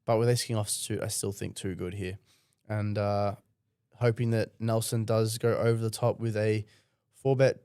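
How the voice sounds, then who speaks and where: A man's voice: on the low side, level tone, moderate pace, warm tone, clear, resonant tone, dry recording, studio quality. A man giving casual, analytical commentary on poker hands from a commentary booth. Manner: analytical, casual, explains plays. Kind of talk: live poker strategy commentary.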